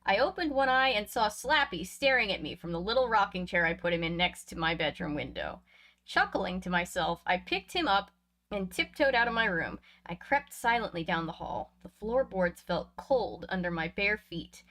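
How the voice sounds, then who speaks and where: Bright-voiced woman reading a book aloud. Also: mid-range voice, animated, moderate pace. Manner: chatty asides between read passages, laughs easily. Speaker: reader of a book.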